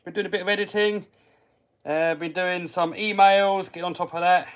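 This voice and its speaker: An English man runs a laid-back live stream about radio-control cars, reading viewer comments aloud and answering them in a friendly, chatty way. His voice sits a little high for a man. Now and then he drops into a quiet mutter while working on a part. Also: fairly even intonation, moderate pace, smooth. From England. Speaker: RC hobby livestream host. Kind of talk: casual live-stream chat while working on a model car.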